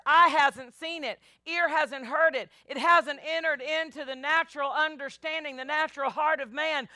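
A woman pastor preaching a sermon, animated, acting out biblical voices and calling the congregation y'all. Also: high voice, no echo, clean studio sound.

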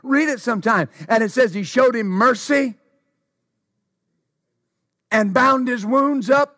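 Speaking slowly and pausing often, a very high-pitched man preaches a sermon. He repeats phrases, questions the congregation, and calls hallelujah, stumbling when excitement takes hold. The recording is dry and studio-quality.

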